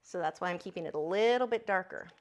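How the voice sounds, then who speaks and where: A woman giving a chatty live drawing lesson, breaking off now and then to talk to her pet bird. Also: fast talker. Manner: high squeaky voice when talking to her bird. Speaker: art instructor.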